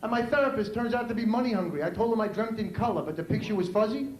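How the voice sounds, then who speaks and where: A man with a New York accent performing a stand-up comedy routine on a club stage, delivering jokes punchily and shouting out his character bits. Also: high voice, rapid-fire. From New York City. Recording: echoey club with crowd noise.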